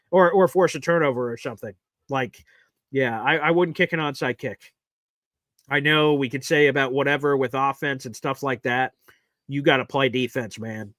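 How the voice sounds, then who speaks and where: A man hosting a live sports watch party, giving emotional play-by-play that swings from nervous muttering to loud cheering. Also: fairly high pitch, no echo.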